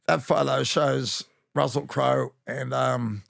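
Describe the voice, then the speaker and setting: A man's voice: mid-range voice, fairly even intonation, slow pace, creaky, a bit bright, no room sound, clean studio sound. An Australian former rugby league player in his fifties, telling rambling, blokey stories with slang on a podcast. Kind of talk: casual storytelling chat.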